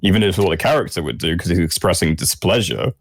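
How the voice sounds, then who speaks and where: A man's voice: deep voice, lively intonation, fast. A man from the southeast of England with a Southern English accent, a player chatting casually and apologetically about the game. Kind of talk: casual chat between game sessions.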